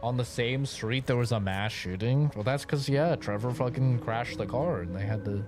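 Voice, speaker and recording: A young man rambles through casual game commentary, loose and profane, breaking into laughs. His voice sits at a middling pitch. Game music plays steadily beneath him. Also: moderate pace. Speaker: game streamer.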